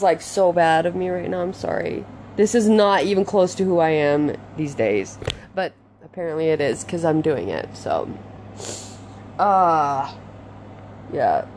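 A woman's voice: lowish voice, a little mellow, slight background noise. A young woman venting to her audience in an unscripted confessional talk, rambling and frustrated, swearing often and filling with "like".

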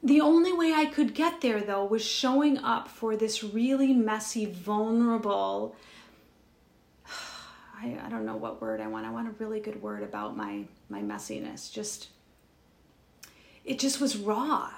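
A woman's voice: fairly high pitch, expressive, measured pace, creaky, a little mellow, echoey room. A woman co-hosting a spiritual chat show, telling a personal story in an earnest, rambling way with many restarts. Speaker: podcast co-host.

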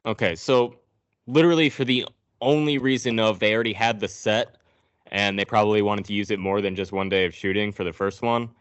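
A man's voice: lowish voice, no room sound. A man hosting a podcast, recapping a movie's plot in a sarcastic, profane storytelling manner. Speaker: podcast host.

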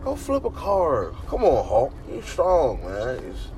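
A man's voice: medium pitch, a little slow, soft background music, poor audio. A man hosting a movie review show, ranting casually and profanely and acting out quoted lines. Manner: animated and profane, acts out quoted voices. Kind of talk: casual rant.

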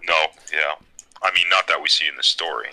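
A man's voice: very deep voice, fairly quick, bright, forceful tone, poor audio. A young man hosting a casual podcast chat, enthusiastic and upbeat, steering the talk.

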